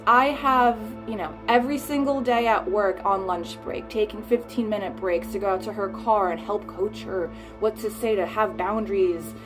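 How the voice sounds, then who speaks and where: A woman retelling a personal story in a heated, casual rant, swearing often. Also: on the high side. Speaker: vlogger.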